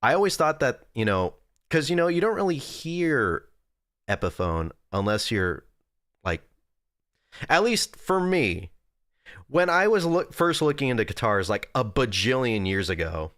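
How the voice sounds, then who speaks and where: Rambling young man, very lively pitch. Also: unhurried, no echo, studio quality. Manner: rambling, jokey, talks to chat. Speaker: streamer. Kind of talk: casual live-stream chat. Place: at a desk indoors.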